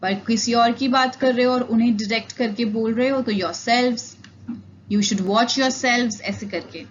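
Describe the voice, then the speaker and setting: A woman's voice: on the high side, rapid-fire, muffled recording, slight background noise. A woman with an Indian English accent giving a classroom lecture on English grammar, explaining patiently and switching between Hindi and English mid-sentence. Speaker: English olympiad teacher.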